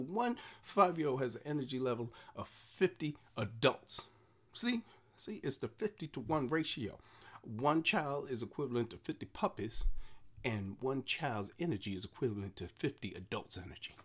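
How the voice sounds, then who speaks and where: A man in his forties, a comedian delivering an animated, repetitive monologue. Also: medium pitch. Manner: animated storytelling with repeated phrases.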